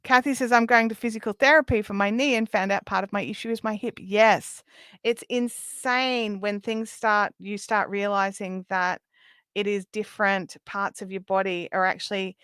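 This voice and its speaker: A woman's voice: medium pitch, fairly even intonation, fairly bright tone, smooth, no room sound. Chatty Australian woman, dry close sound. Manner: chatty, laughing, quick asides with many ums. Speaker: craft livestream host. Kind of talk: casual chat while knitting, reading viewer comments.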